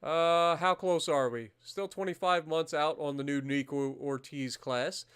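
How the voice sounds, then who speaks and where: Man, high voice, smooth and clear, casual game streamer, swears a lot. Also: a little slow. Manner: swears a lot, erupts into loud disbelief; muttering calmly while managing menus. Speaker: streamer playing a naval strategy game. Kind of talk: casual gameplay commentary.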